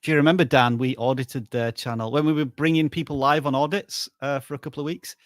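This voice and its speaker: A man's voice: mid-range voice, steady tone, fast talker, no room sound, clean studio sound. A man co-hosting a live-stream of channel reviews, chatting in an easygoing, wry way. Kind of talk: casual live-stream banter.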